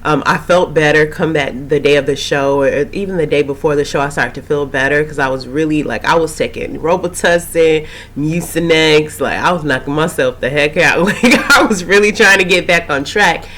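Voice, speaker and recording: A woman recapping a TV episode in a casual, rambling way, her voice slightly hoarse after a cold. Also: deep voice, normal speed, a bit bright. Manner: chatty, rambling, with frequent fillers and asides. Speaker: TV recap host.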